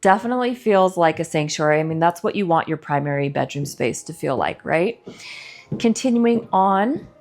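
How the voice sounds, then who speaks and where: A woman's voice: deep voice, brisk, hardly any pauses. A middle-aged woman real estate agent walking through a house on a casual tour, gushing enthusiastically about each room. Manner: enthusiastic, gushing about features, chatty asides. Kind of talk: casual walkthrough home tour. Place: indoors in a large house.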